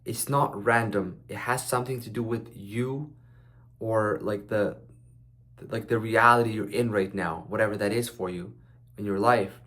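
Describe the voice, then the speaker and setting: A man's voice: fairly low pitch, steady tone, moderate pace, fairly bright tone. A man giving a casual motivational monologue, loose and conversational, with frequent fillers and restarts and some blunt swearing. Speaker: speaker sharing life advice.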